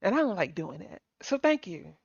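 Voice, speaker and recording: A woman's voice: lowish voice, big pitch swings, moderate pace, vocal fry, slightly rough, no room sound, dull audio. A sassy, chatty woman hosts a livestream, calling her viewers honey and sugar. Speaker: livestream host. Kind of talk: casual chat to live viewers.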